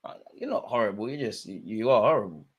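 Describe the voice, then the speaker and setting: A man hosting a live football watch-along, chatting to viewers and shouting at players and the referee. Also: fairly low pitch, fast, husky, highs cut off. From Eritrean heritage. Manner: excitable, shouts at players and ref; chatty, joking asides. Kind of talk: live match commentary to viewers.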